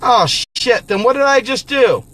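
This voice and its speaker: A man's voice: very high voice, expressive, unhurried, fairly bright tone, dry recording, exaggerated voice. A man mocking a boastful brawler. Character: self-satisfied man bragging about a street fight.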